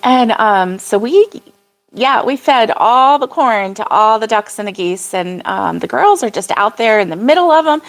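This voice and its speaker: A woman's voice: a little high, expressive, normal speed. An older woman hosting a casual crochet livestream, rambling about her week with frequent laughs and reading viewer comments aloud. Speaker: crochet vlog host.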